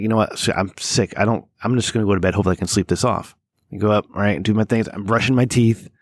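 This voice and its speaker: Middle-aged male podcast host, hoarse and low, swears freely, dry close sound. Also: dry recording. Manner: rambling storyteller, swears a lot, laughs at himself. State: hoarse, sore throat. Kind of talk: casual podcast chat.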